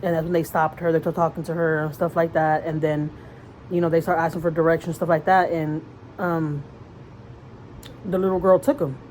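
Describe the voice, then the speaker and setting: A woman's voice: low voice, level tone, moderate pace, a little mellow, slight background noise, poor audio. A woman vlogger retelling a story in casual chat, rambling with fillers and restarts, earnest and conversational. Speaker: mother vlogger.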